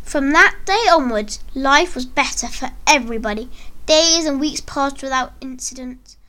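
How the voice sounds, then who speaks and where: A woman reading a first-person story aloud in an earnest, expressive way. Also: high voice, moderate pace. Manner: earnest, expressive read-aloud with acted quotes.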